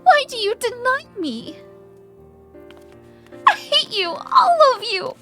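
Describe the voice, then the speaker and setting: A woman's voice: very high-pitched, big pitch swings, slow, bright, forceful tone, soft background music, pitched above the performer's own voice, heavily acted. A woman voicing a whiny, resentful young male mage brother in a fantasy game, pleading and sulky.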